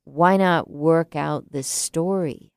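A woman in her late fifties tells a reflective personal story, speaking slowly and softly with a low, smooth voice. The recording is dry and close, with no room sound. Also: no echo. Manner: slow, soft-spoken and unhurried. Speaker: teacher.

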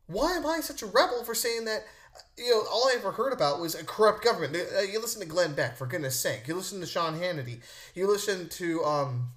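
A man's voice: sits high, very animated, fairly quick, a bit bright. A man hosting a podcast, ranting indignantly and mimicking others in mocking voices. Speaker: podcast host. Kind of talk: opinion rant monologue.

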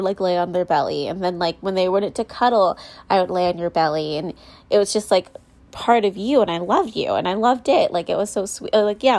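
A young woman and mother talking candidly to her viewers in a rambling, confessional way, full of fillers and restarts. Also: medium pitch. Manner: rambling, confessional, lots of likes and ums. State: close to tears. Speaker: mom vlogger. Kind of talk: candid personal vlog chat.

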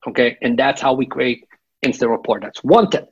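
A man's voice: mid-range voice, moderate pace, dull audio, heavy background noise. A man working as a sales coach, explaining techniques step by step in a podcast interview and checking in with "okay?". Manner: instructive, repeats "okay?" to check in.

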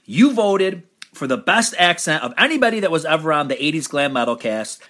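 A man's voice: fairly high pitch, animated, a little fast, hardly any pauses, a bit bright. A man with an American accent hosting a podcast award show, announcing winners in a playful, upbeat way. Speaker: podcast host.

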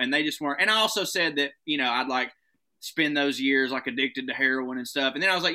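A man telling comic stories in casual podcast talk, animated and profane, often laughing as he goes. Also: mid-range voice, fast talker. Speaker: podcast guest.

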